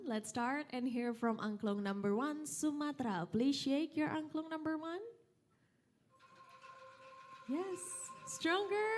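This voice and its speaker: A young Indonesian woman whose first language is Sundanese, leading an audience workshop as an instrument instructor in a lively, coaxing way, counting out and calling commands. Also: high-pitched. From West Java, Indonesia. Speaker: angklung instructor. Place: hotel event hall.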